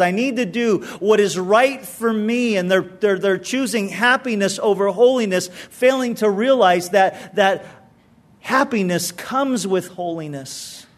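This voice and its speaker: A man preaching a sermon with a high, light voice for a man. He speaks earnestly, restarting and repeating words as he presses each point. It is the steady delivery of a pastor working through a passage.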